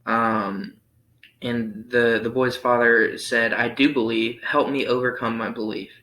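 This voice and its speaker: A young man reading scripture aloud and explaining it in a relaxed youth Sunday school lesson, thinking aloud with frequent ums. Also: mid-range voice, unhurried. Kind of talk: Bible reading and casual lesson. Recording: roomy echo.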